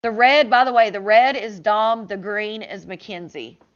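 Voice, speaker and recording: A woman's voice: mid-range voice, moderate pace. A woman chatting casually about a true crime case, reading out text messages with lots of "like" and incredulous asides. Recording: slightly dull lo-fi audio.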